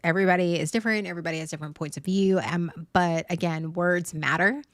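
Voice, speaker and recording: A woman's voice: on the low side, quick pace, dry recording, studio quality. A woman, a mother hosting a livestream from home. She chats casually and rambles, with many fillers and restarts. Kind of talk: casual rambling chat to viewers.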